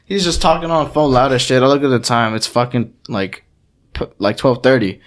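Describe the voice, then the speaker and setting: Young male co-host, animated, profane storyteller; mid-pitched everyday voice. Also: brisk. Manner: profane, animated storyteller who acts out quotes. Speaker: podcast co-host. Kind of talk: casual storytelling.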